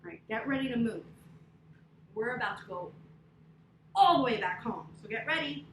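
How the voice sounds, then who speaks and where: Animated woman teaching kids' yoga, high voice. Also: takes it slowly, pauses often. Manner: animated, expressive, prompting children to repeat. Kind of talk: interactive story and movement lesson for children. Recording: echoey, distant, noisy room.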